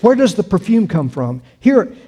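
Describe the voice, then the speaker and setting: An older man delivering a sermon in a loose, conversational way, often restarting his sentences and asking the listeners questions. His voice sits a little high for a man and has a mellow, warm tone. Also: very animated, moderate pace, slightly rough. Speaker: pastor.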